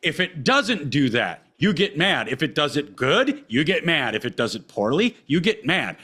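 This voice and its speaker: A man's voice: a little high, very animated, moderate pace, sharp tone, husky. A man co-hosting a podcast, ranting heatedly and profanely with lots of repetition. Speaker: podcast co-host.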